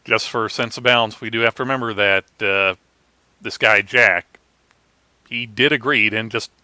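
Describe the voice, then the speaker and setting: A man's voice: on the low side, moderate pace, bright, forceful tone, clear, resonant tone, no echo. A man co-hosting a casual live chat, telling wry stories.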